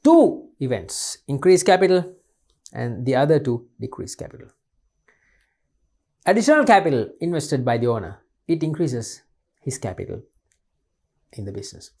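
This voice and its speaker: A man's voice: medium pitch, darkish tone. A man talks through an exam paper as a teacher. He repeats each point several times. He poses questions and answers them himself. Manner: repetitive, asks and answers his own questions. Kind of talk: recorded exam-paper lesson.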